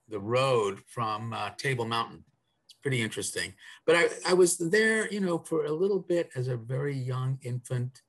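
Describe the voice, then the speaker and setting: A man's voice: mid-range voice, fairly bright tone. A man from South Africa, middle-aged or older, talking as a guest on a podcast in a rambling way, with restarts and fillers. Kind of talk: casual interview chat.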